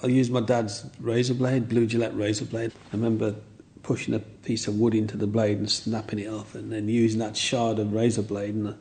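A man's voice: on the low side, level tone, a little fast, dark tone, slight background noise. A man, telling long rambling stories about his childhood and often asking "you know what I mean". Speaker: interviewee. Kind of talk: reminiscing storytelling.

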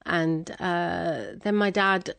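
A young woman telling a personal story as an interview guest, candid and quick to laugh, acting out what people said. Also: fairly low pitch, vocal fry, fairly bright tone, no room sound. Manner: candid, laughs often, acts out quotes.

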